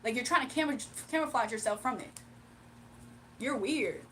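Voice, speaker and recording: Woman livestream host, high and bright voice, sassy, exasperated, faint room hum. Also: moderate pace. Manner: sassy, exasperated, talks back to chat comments. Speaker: livestream host reading chat. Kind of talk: casual livestream rant.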